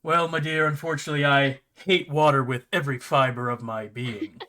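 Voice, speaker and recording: A man's voice: mid-range voice, fairly even intonation, brisk, pushed and bright, natural voice. Felix, a man doing a sly polite house cat. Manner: languid, courteous drawl with a hungry edge. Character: sly, well-mannered talking male house cat. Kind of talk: game master voicing a character.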